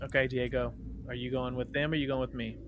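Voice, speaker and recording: A man with a mid-pitched voice plays a tabletop game casually, asking questions and planning moves. A faint hiss of noise sits behind him. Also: flat delivery, quick pace, highs cut off. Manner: questioning, strategizing. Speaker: player.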